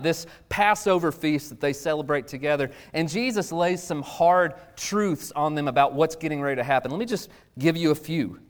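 Guy preaching like he's just talking with friends, voice jumps up a lot, kinda high. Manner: casual, animated, sudden jumps in pitch. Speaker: pastor. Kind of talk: conversational sermon.

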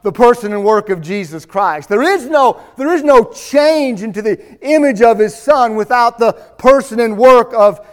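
A man's voice: very high-pitched, expressive, normal speed, few pauses. A male pastor preaching a sermon in a church, building his emphasis as he reads scripture aloud.

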